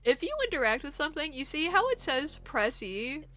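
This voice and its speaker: A woman's voice: high-pitched, sing-song, fairly quick, a bit bright. Giggly, foul-mouthed young woman streamer. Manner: giggly, profane, teasing toward chat. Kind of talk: casual chat over gameplay.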